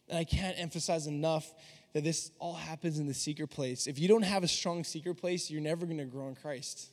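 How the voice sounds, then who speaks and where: A man's voice: on the high side, steady tone, brisk. A young man giving a sermon in an earnest, conversational way, slipping into quoted dialogue. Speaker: preacher. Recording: long reverb of a large hall.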